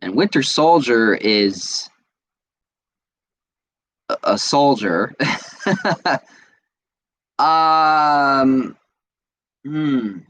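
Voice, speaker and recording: Speaking extremely slowly with long pauses, this US podcast host delivers an angry, sweary solo rant full of repetition and filler words. His medium-pitched voice is expressive, and the recording quality is low.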